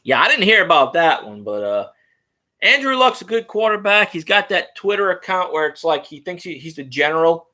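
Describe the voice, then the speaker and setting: A man's voice: on the high side, sing-song, fairly quick, sharp tone. A man, rambling casually and crudely on his fan vlog. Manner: loose, rambling and crude, with fillers. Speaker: fan vlogger.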